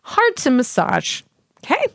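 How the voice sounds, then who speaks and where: A woman's voice: sits high, wildly swooping pitch, a little slow, gravelly, fairly bright tone, no room sound, clean studio sound. Blunt, foul-mouthed woman vocal coach. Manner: blunt, profane, salty; emphatic, chatty with many fillers. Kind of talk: casual spoken explainer.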